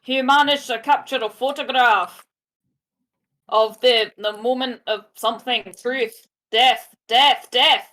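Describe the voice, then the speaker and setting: Woman, playful streamer, high bright voice, jokey dramatic reads, soft game music behind. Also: steady tone, slow pace. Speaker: streamer voicing game characters. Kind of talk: casual group chat over a game stream.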